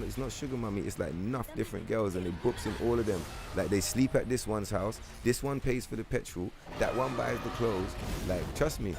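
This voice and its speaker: A young man from London with a London accent, chatting casually on a gaming stream in loose slangy banter, answering his chat and swearing freely. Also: lowish voice.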